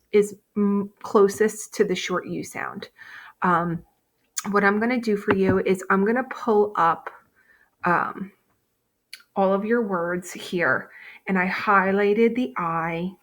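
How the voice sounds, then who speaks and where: A woman teacher giving a recorded phonics lesson, explaining step by step with frequent "okay" and "um". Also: medium pitch. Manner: patient, explains step by step, frequent okays and ums.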